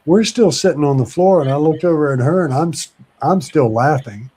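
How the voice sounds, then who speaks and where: A man's voice: a little high, a little fast, breathy edge. A man casually telling an anecdote on a podcast, acting out the people in it as he goes. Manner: animated anecdote telling with acted quotes.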